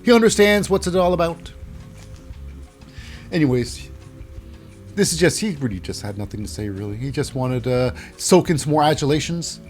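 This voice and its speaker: A man's voice: fairly high pitch, sing-song, normal speed, pauses often, soft background music. A man hosting a casual wrestling recap, rambling along with many fillers and restarts. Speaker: host.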